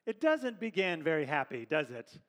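A pastor preaching a sermon in a conversational, animated way, with asides to the congregation in a church. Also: male voice, on the high side, normal speed.

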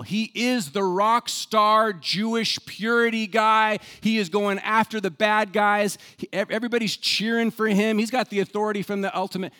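Male pastor with a slightly high voice, emphatic sermon delivery, loud and soft by turns. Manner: emphatic, varies loudness for stress.

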